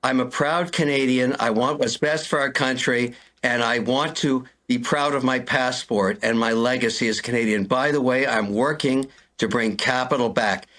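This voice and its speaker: A man's voice: medium pitch, normal speed, hardly any pauses, a bit bright. An older man ranting in an interview, exasperated and pleading, repeating himself. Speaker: interview guest. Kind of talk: heated interview rant.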